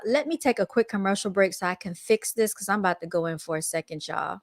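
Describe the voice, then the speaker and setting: A woman's voice: medium pitch, quick pace, hardly any pauses, poor audio. A woman hosting a casual livestream, talking dramatically and folksily to her viewers while she apologizes and fixes a fallen microphone stand. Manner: dramatic, folksy, keeps addressing viewers as y'all. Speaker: livestream host. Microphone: handheld studio microphone.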